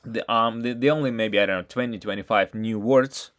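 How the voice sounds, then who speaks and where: A man tutoring a student in he did not learn first, talking haltingly with many false starts and frequent questions. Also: on the low side, a bit bright. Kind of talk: casual one-on-one lesson talk.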